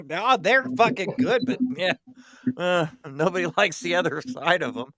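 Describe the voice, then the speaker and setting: A man's voice: high voice, big pitch swings, normal speed, pushed and bright, dry recording. A man chatting casually on a stream, cracking crude jokes and laughing often. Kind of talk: casual chat.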